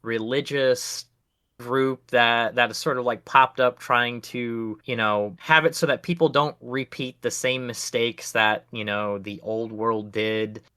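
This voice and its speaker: A man rambles easygoingly through a game review on a podcast, full of fillers and restarts. His voice is bright and forward, recorded dry and close. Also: mid-range voice, fairly even intonation, a little slow, clear, resonant tone, dry recording. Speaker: podcast co-host. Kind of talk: casual game review chat.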